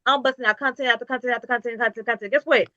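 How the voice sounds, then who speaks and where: Woman, business owner, emphatic, repetitive, motivational, higher voice, bright tone. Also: fairly even intonation, racing, no room sound, highs cut off. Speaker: business owner, interview guest. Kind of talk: casual interview talk.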